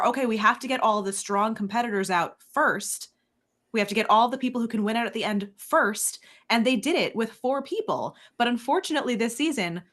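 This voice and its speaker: A woman's voice: a little high, fairly bright tone. Emphatic woman podcast co-host. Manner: emphatic, lays out arguments in clipped lists. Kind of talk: casual chat.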